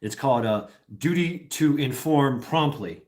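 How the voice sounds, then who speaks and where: A man's voice: medium pitch, expressive, unhurried, darkish tone, a little hiss or hum. A middle-aged man from Tennessee hosting a casual live stream, rambling, swearing and laughing often as he reads comments.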